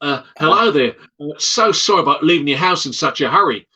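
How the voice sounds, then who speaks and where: Brief: storyteller doing a shaken Australian tourist dad, put-on Australian accent, loud and a bit raised. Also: male voice, a little high, lively intonation, fairly quick, husky, full character voice. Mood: chatty. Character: rattled Australian male tourist, blunt.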